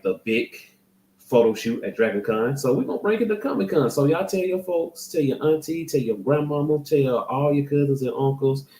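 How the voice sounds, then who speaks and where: A man's voice: fairly low pitch, roomy sound, low-quality recording. A man from Florida, hosting a casual show intro and joking directly with his viewers. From American South, Florida. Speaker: host.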